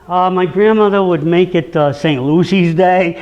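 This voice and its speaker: A man's voice: high voice, normal speed, highs cut off. Chatty Rhode Island man giving a talk. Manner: chatty, keeps checking in with "okay?"; acts out quoted voices, animated. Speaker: speaker on local traditions. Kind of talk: talk to a live audience.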